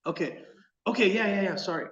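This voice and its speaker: The fishing-lure maker from California talks briskly in a high voice, heard from a distance with the top end of the audio lost. Chatting casually on a podcast, he animatedly plays out the quoted exchanges in his stories.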